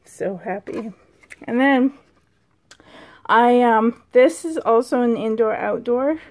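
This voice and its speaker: In a dimly lit room at home, a vlogger excitedly chats in a casual way, recorded on a handheld camera indoors. She speaks slowly with a somewhat high voice, occasionally lowering it to a hushed whisper.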